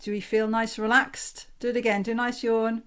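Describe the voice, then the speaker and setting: Calm woman coaching over a video call. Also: a little high, a little fast, smooth. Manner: calm, encouraging, guides the group through exercises. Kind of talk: online workshop instruction.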